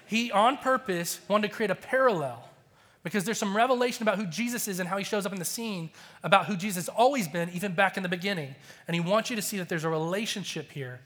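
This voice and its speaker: A man's voice: high voice, a bit bright. A man in his thirties, a pastor giving a conversational, storytelling sermon that acts out the quotes. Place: church auditorium.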